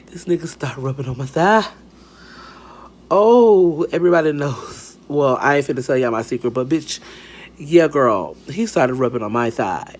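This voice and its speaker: A man telling a personal story in a sassy, animated storytime style, swinging between high exclamations and low asides. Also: normal speed. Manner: sassy, animated, lots of swearing and pitch swings. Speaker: storytime vlogger. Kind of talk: casual storytime.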